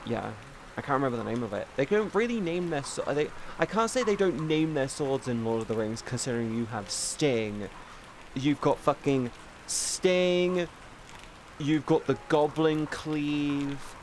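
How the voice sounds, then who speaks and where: A man chatting casually on a live stream, rambling and excitable, swearing often and restarting sentences. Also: on the high side, measured pace, slight background noise.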